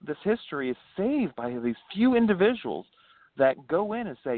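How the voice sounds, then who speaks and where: Speaking by phone in a casual interview, this guest, who founded a ghost tour and investigates the paranormal, shares ghost stories and history with frequent laughter and pitch swoops. Born in New Hampshire and raised in Florida, he talks at normal speed, and the dry, tinny line has no echo.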